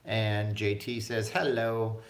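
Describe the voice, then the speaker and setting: A man's voice: fairly low pitch, moderate pace, a bit bright. A man hosting a casual live stream from home, chatting loosely and reading viewer comments aloud. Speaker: vlog host. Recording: echoey room.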